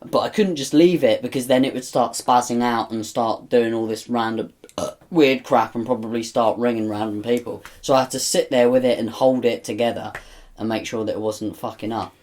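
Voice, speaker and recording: A male podcast co-host rambles in casual chat, exasperated and swearing freely. His voice is mid-range, a little fast and slightly mellow.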